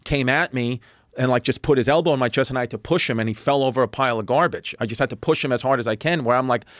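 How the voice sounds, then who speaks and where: A man's voice: medium pitch, fast, fairly bright tone, no room sound, clean studio sound. A man, telling rambling, profane anecdotes as a podcast guest. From New York City. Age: 30s. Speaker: guest comedian. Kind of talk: casual podcast storytelling.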